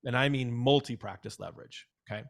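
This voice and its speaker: A man speaks in a casual, advisory way at a middle pitch. He talks emphatically and repeats himself for stress. He often acts out the words of his clients. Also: a little fast, creaky. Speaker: dental practice consultant.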